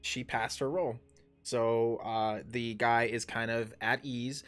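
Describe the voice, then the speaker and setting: Halting man in his thirties running a game. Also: medium pitch, fairly even intonation, a bit bright. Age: 30s. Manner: halting, full of fillers and restarts. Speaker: dungeon master. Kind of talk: narrating a tabletop game livestream.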